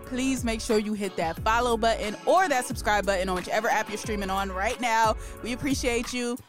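A woman's voice: a little high, fairly quick, over music. A woman hosting a podcast, chatting casually and upbeat, laughing often. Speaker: podcast host.

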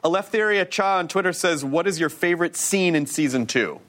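A man's voice: high-pitched, brisk, fairly bright tone. A man moderating a live panel, jokey and teasing as he reads out fan questions.

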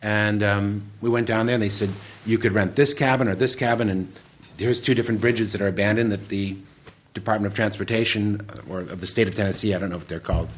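A middle-aged filmmaker from the Detroit area, a man telling casual anecdotes with lively acted quotes. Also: fairly low pitch, fast, slightly rough. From Detroit area, USA. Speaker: filmmaker guest. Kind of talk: casual storytelling.

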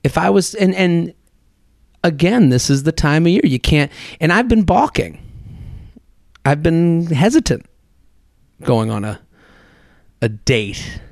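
A man's voice: a little high, big pitch swings, takes it slowly, gravelly, pauses often, darkish tone, no echo, clean studio sound. A man in his thirties hosting a solo podcast, talking in a chatty, rambling, self-deprecating way. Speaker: podcast host.

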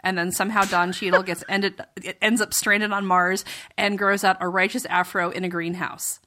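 A woman on a casual book club podcast panel, speaking in a wry, animated way. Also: medium pitch, normal speed.

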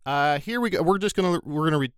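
Male podcast co-host reading emails, lively pitch, dry close sound. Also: fast talker, clear, resonant tone, no echo. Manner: animated, reads emails aloud with jokey asides. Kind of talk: casual chat, reading listener emails.

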